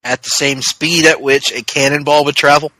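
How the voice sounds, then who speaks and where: Joking bright-voiced podcast co-host man. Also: fairly high pitch, level tone, moderate pace, no echo, poor audio. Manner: jokey, breaks into sung lines and laughs. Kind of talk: casual chat.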